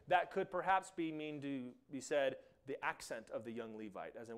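A man preaching a sermon as pastor, animated and acting out quotes along the way. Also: a little high, measured pace, smooth. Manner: animated, acts out quotes and asides.

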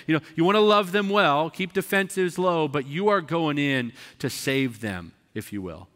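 Emphatic bright-voiced preacher. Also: male voice, on the high side, expressive, normal speed, hardly any pauses. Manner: emphatic, conversational, acts out voices. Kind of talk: sermon. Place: church sanctuary. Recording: long reverb of a church hall.

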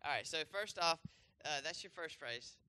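Bright-voiced young man preaching casually. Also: on the high side, expressive, normal speed, no room sound. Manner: conversational, many fillers and restarts, asks the congregation questions. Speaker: pastor. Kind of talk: casual sermon with a volunteer demonstration. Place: church.

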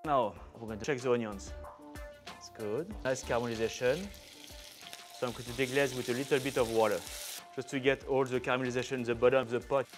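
French-accented chef demonstrating a recipe. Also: male voice, medium pitch, fairly even intonation, fast talker. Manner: chatty, playful, sprinkles French words. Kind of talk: cooking demonstration. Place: kitchen. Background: background music and sizzling food.

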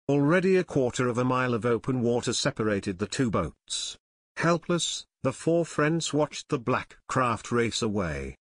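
A man narrating an adventure audiobook in a steady, measured storytelling manner. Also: mid-range voice, no echo, studio quality. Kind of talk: scripted narration.

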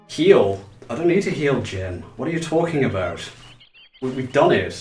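A man's voice: medium pitch, very animated, moderate pace, a little mellow, reverberant, faint music behind. Winded man streaming a game. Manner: chatty, self-mocking, swears, reads chat aloud. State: out of breath, legs tired. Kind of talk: live gameplay commentary.

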